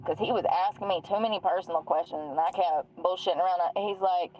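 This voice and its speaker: A woman's voice: lowish voice, quick pace, warm tone, a little hiss or hum, rough recording. A woman from North Carolina, rambling through a profane, laughing story about her day. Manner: chatty, laughing, profane, quotes others in dialogue. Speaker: streamer telling stories.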